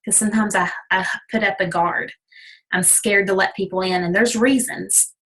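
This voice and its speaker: A woman's voice: medium pitch, fairly even intonation, moderate pace, a bit bright, poor audio. Encouraging woman giving a motivational talk. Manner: folksy and encouraging, with frequent "okay?" check-ins; candid and self-deprecating. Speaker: team leader.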